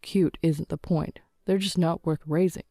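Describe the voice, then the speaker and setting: A woman's voice: sits low, fairly even intonation, measured pace, dark tone, no echo, studio quality. A woman voicing a cold, dismissive husband who wants a son, with a curt and scornful delivery in a storybook narration. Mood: contemptuous.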